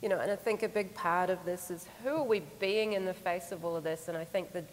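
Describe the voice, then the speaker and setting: A woman's voice: fairly low pitch, fast, big-room sound, slight background noise, rough recording. A woman giving a conference talk, telling a story in an earnest, reflective way. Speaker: conference speaker.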